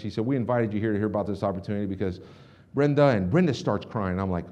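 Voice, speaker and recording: A young man giving an energetic storytelling speech to a live audience, acting out quotes with big swings in volume. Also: medium pitch, fast. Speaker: company president giving a keynote. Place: large hall in front of a live audience.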